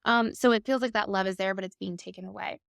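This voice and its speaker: A woman's voice: mid-range voice, fairly even intonation, fast, vocal fry, a bit bright, clean tone, no room sound, studio quality. A woman in her thirties, a guest expert, explaining attachment styles in a fluent, upbeat conversational way.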